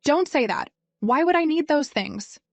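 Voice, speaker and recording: A woman's voice: animated, measured pace, no echo. A woman doing a feisty young amnesiac wife. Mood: indignant. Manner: indignant, higher and brighter than narration. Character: feisty young wife who lost her memory. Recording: dry, music faint behind.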